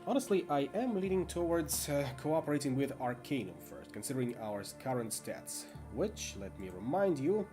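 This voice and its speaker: Man narrating a solo tabletop game. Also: over music. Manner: measured storyteller, lively pitch. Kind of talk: reading a solo roleplaying game aloud.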